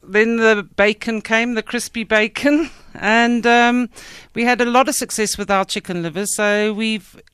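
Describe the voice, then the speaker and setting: A woman's voice: on the high side, steady tone, unhurried, few pauses, a bit bright, clear, resonant tone, no room sound. A woman, founder of a food shop, describing her menu as a guest in a radio studio. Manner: friendly, plain, lists menu items. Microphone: studio microphone.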